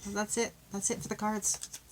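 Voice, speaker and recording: A woman giving an intuitive love card reading, talking in a gentle, heartfelt, chatty way and sharing her own story. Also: mid-range voice, flat delivery, moderate pace, heavy background noise. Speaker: tarot card reader.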